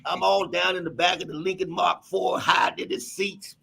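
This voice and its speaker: A middle-aged man, a doctor, telling emphatic stories in a lively, husky voice. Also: high voice, moderate pace, a little hiss or hum. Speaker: guest doctor. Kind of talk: animated storytelling.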